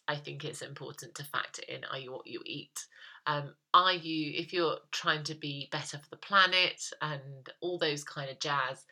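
Woman, solo podcast host, casual and meandering, tired and yawning; low-set but bright, forceful tone. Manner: chatty, rambling, with frequent ums and laughs. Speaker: lifestyle coach podcast host.

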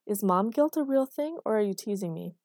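A woman narrator voices a frank, literal-minded young woman who keeps asking innocent questions. The tone stays warm and mellow, recorded close and dry. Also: mid-range voice, expressive, fairly quick, no echo, lightly acted. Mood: curious.

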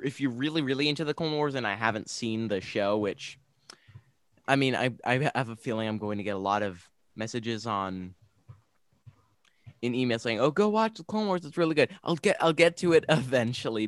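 A man's voice: mid-range voice, normal speed, fairly bright tone, no room sound, studio quality. A young man co-hosting a casual podcast, talking enthusiastically and rambling with frequent restarts. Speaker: podcast co-host. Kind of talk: casual podcast chat about games.

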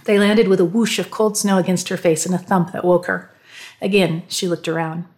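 A woman narrating an audiobook in a calm, measured way. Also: lowish voice.

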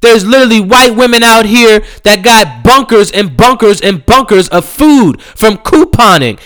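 A man's voice: high-pitched, lively intonation, normal speed, few pauses. A man delivering a profane, exasperated comedic rant, raising his voice often. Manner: profane, exasperated, loud ranting. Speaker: commentator. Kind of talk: ranting comedic commentary.

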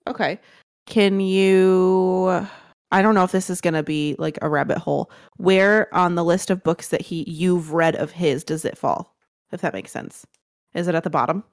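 A woman co-hosting a podcast, chatting in a calm, low-key way about books. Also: normal speed, no echo, clean studio sound. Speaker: podcast co-host. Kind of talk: casual book chat.

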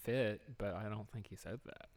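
Low-voiced man, relaxed and amused. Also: normal speed. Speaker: podcast co-host. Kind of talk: casual chat.

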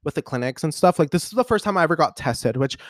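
A man in his twenties hosting a podcast, telling a personal story in a casual, animated, rambling way with lots of fillers. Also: fairly high pitch, fast talker, no room sound, clean studio sound. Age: 20s. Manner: animated, rambling, heavy use of "like". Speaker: podcast host.

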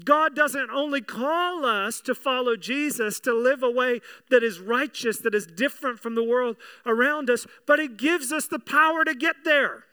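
A man's voice: very high-pitched, sharp tone, smooth. A man preaching a sermon, earnest and conversational, often repeating his words and putting questions to the congregation. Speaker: pastor.

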